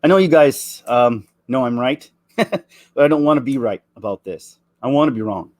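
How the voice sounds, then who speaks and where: A man's voice: mid-range voice, animated, a little mellow, no room sound. Guy, 40s, impassioned vlog rant, stop-start delivery, dry close recording. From Canada. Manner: earnest, emotional, halting with many restarts. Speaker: vlogger.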